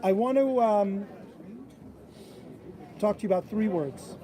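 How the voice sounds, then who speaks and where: A man's voice: sits high, slow. A man giving a sermon at a bat mitzvah, telling stories and acting out the voices of people he quotes. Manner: animated storyteller who acts out quoted voices. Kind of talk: sermon with storytelling. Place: outdoors at an old stone wall. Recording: outdoor crowd noise.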